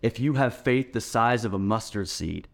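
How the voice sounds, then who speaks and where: A male pastor delivers a sermon in a fairly low voice. His preaching is earnest and emphatic, pressing each point home. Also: expressive, moderate pace, vocal fry.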